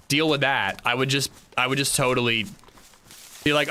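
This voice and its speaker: A man's voice: mid-range voice, lively intonation, fast, sharp tone, a little hiss or hum. A man streaming a survival game, chatting casually and joking with his viewers. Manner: joking, chatty, talks to chat. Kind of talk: casual livestream commentary.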